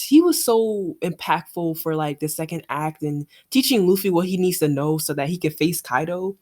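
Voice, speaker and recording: A woman with a somewhat low voice gives casual reaction commentary on a comic. She talks emotionally, exclaiming and sighing between thoughts. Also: a little mellow.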